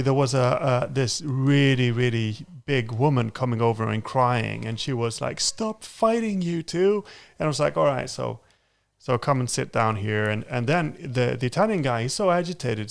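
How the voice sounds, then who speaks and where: A man hosting a podcast, spinning a lively anecdote in casual chat. His voice has a gravelly, creaky edge and sits at an ordinary pitch, and he slips into the voices of the people in his story as he goes. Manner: animated, laughing storyteller who acts out quotes. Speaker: podcast host.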